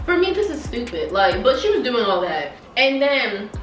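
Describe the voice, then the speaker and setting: A young woman tells a story with lively, slangy emphasis, her voice a touch high. She sounds a bit distant from the mic in an echoey room, with faint music behind her. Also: moderate pace. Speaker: vlogger. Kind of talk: storytime vlog while eating.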